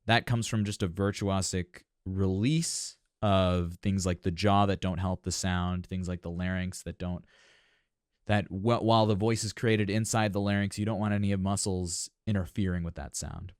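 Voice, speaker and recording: Deep smooth-voiced male vocal coach. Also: steady tone, normal speed, darkish tone, no echo, studio quality. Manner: explains technique analytically, thinks aloud. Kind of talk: music reaction commentary.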